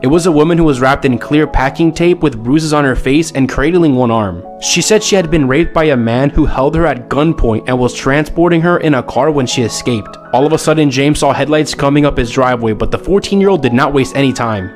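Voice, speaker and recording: A man reading a scripted story at a steady, even pace. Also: mid-range voice, a little fast, hardly any pauses, faint music behind. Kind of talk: scripted narration.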